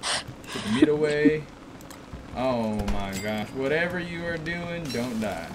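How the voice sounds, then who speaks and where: A young man streaming a game, talking to himself in bursts that swing from loud yelps to low mutters. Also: expressive, measured pace, background noise. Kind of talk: gaming commentary. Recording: game music underneath. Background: game music.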